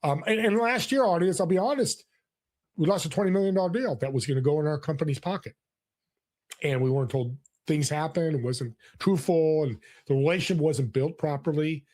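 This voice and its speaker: A man's voice: a little high, fairly quick. A man in his sixties, a guest in a casual interview, telling personal stories earnestly with lots of restarts. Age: 60s. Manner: earnest, animated storyteller with frequent restarts. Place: California.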